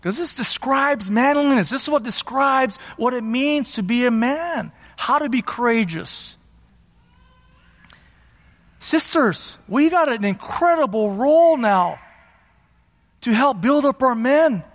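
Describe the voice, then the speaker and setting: A man's voice: extremely high pitch, lively intonation, slow pace, fairly bright tone, big-room sound. A middle-aged man preaching a sermon as a pastor, emphatic and exhorting, often repeating his phrases. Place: church sanctuary.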